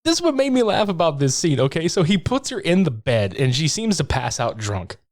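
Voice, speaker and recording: A man on a podcast breezily walking through a horror film's plot, swearing freely. He laughs often and slips into quick impressions of the characters as he retells the scenes. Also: on the high side, very animated. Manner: profane, laughing, acts out lines from the film. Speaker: podcast co-host. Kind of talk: casual movie recap chat.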